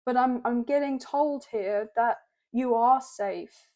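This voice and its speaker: Mellow-voiced woman giving a tarot reading. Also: a little high, slow pace. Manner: flowing, repeats "I'm hearing" while channelling messages. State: choked up with emotion. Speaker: tarot card reader. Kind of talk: channelled tarot reading to camera.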